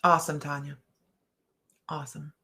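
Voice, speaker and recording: Woman host, chatty and rambling, quick to laugh, casual stream talk. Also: deep voice, flat delivery, sharp tone. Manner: rambling storyteller, laughs often. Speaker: psychic and certified hypnotist. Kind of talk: casual livestream chat.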